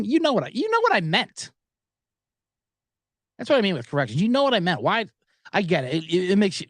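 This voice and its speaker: Lively, profane American podcast man. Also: on the high side, no room sound. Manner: self-deprecating, profane, digressive. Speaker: podcast host. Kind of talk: rambling solo podcast monologue. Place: small booth.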